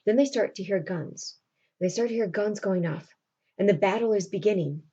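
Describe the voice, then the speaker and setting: Casual woman teacher, chatty play retelling with questions to the class; mellow tone, dull lo-fi recording. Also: medium pitch, normal speed, breathy edge.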